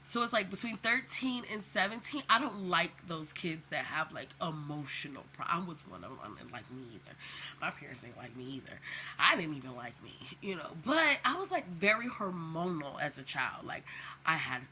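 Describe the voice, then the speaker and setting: A woman's voice: sits low, very animated, normal speed, sharp tone, a little hiss or hum. A woman speaking in a casual, candid monologue to camera, emphatic and slangy, rambling with lots of fillers. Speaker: vlogger.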